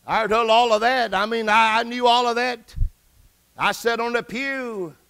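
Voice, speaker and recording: A middle-aged pastor preaching a sermon in a high, gravelly voice. His tone is bright and ringing, and he tells his own story with sudden excited rises. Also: a little slow. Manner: personal testimony, rising to excited outbursts.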